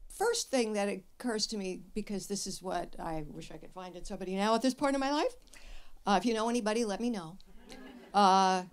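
An older woman hosting a live advice show, telling stories and answering questions in a blunt, wry and lively way. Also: medium pitch. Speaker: radio advice host. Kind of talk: live show talk with an audience. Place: radio studio with live audience.

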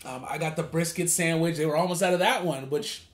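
A man's voice: fairly high pitch, fast talker, reverberant. A man co-hosting a casual eating video, chatting easily and laughing often. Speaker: co-host. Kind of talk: casual mukbang chat.

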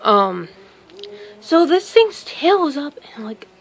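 A woman's voice: high-pitched, very animated, slow pace, creaky, rough recording. A woman vlogger telling a story in a casual, rambling way, outdoors in a yard and filming on a phone she holds herself, with lots of exclamations and self-interruptions.

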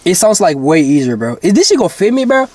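A man's voice: high-pitched, sing-song, fast talker, a little mellow. A man vlogging to his viewers in casual chat, rambling and slangy, swearing and saying bro constantly.

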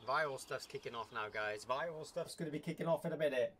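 A man commentating on a video game as he plays, excitable and chattering, cheering the game on. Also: medium pitch, fast talker. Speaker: gaming YouTuber. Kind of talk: let's play commentary. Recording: loud background noise.

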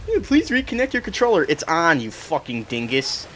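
A man's voice: a little high, wildly swooping pitch, normal speed, a bit bright, a little hiss or hum. A young man ranting and swearing in frustration while commenting on his own gameplay. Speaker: gaming streamer.

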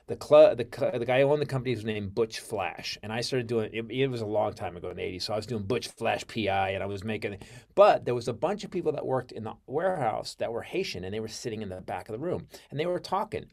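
An American comedian guest tells stories in a casual interview, his voice quick and creaky. Profane and excitable, he swears freely and acts out quotes loudly and high, with big leaps in pitch and volume.

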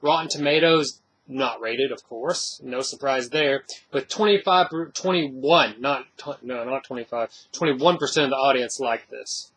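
A man's voice: mid-range voice, measured pace, fairly bright tone, husky. A man giving a casual spoken movie review, rambling and blunt.

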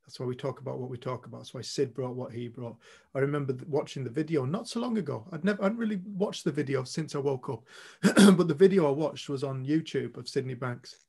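This man co-hosts a retreat and tells his story bluntly and earnestly, with the odd swear word. His voice has a gravelly rasp, and a husky roughness sits under it. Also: medium pitch, fast, darkish tone. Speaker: retreat co-host. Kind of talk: candid storytelling talk to a group.

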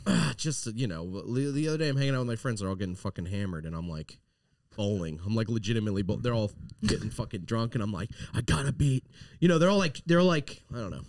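A man's voice: lowish voice, animated, a little mellow, dry recording, studio quality, distant mic. A man on a comedy podcast, talking bluntly with lots of swearing and laughs. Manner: profane, quick to laugh, blunt. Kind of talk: casual comedy chat.

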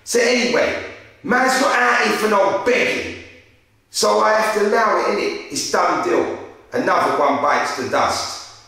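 Echoey, bright-voiced London man telling a story. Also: high voice, a little slow, creaky. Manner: slang-heavy, animated street storytelling. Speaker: interviewer. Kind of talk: casual storytelling. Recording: very echoey room, far from mic.

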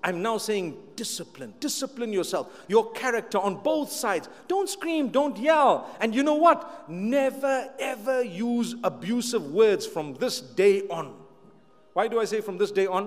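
A man's voice: high voice, lively intonation, unhurried. A man preaching a sermon to a live audience, emphatic and repetitive, with light humorous asides. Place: large hall with an audience. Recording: long hall reverb.

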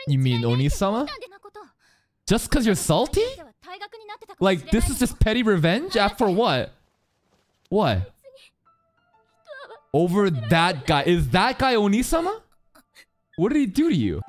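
A man reacts to an anime on a live stream, his voice leaping all over the place as he jokes, swears and laughs at what he sees. He talks straight at the characters in casual, unscripted commentary. Soft music plays faintly behind him. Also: sits high. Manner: excitable, swears often, laughs a lot, talks back at the screen.

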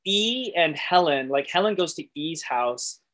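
A man guest on an interview, slightly high-voiced and animated. He laughs often and slips into quick impressions of the people in his stories. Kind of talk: casual interview storytelling.

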